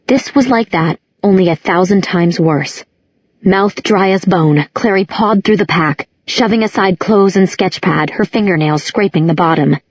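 A woman's voice: mid-range voice, no room sound, highs cut off. A woman narrating an audiobook, reading every character herself with small changes of voice. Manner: reads all characters with small voice shifts. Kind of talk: scripted narration.

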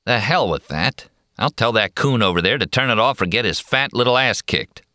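A man voicing a brash, cocky male card dealer who rattles off high, fast auctioneer patter in an audiobook. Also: expressive, bright, forceful tone, dry recording, clean studio sound. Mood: annoyed. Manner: rowdy, cocky, swaggering. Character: brash loud male card-dealing patient, hustler.

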